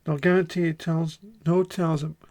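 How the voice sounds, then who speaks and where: A man's voice: fairly high pitch, little pitch movement, normal speed, darkish tone, close to an everyday voice. A man voicing a shady, threatening male spy in a video game, reading his lines aloud on stream. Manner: gruff, threatening.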